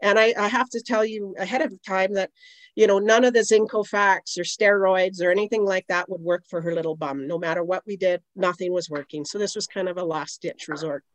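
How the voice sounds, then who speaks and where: Woman, middle-aged, podcast guest, rambling storyteller, dry close sound, medium pitch. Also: fairly even intonation, brisk, dry recording, rough recording. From Canada. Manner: rambling, conversational, many "you know" asides. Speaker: guest, aromatherapist.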